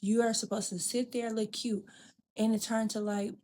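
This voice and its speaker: A woman's voice: fairly high pitch, normal speed. A woman hosting a podcast, telling a personal story in candid chat, blunt and profane, acting out the people she quotes. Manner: frank and profane, addresses listener as "girl" and "bitch"; animated, acts out quoted people. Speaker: podcast host.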